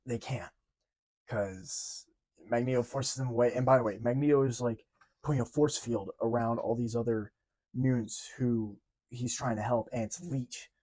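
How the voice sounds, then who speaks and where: Young male vlogger, mellow tone, rambling and excitable, casual review delivery. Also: medium pitch, normal speed. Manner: excitable, rambling, swears, says 'like' often. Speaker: TV show reviewer.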